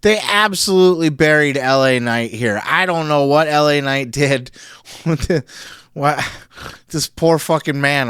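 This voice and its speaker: A man reviewing a wrestling show in casual solo commentary, profane and animated, laughing often. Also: a little high, unhurried, smooth, no room sound, clean studio sound.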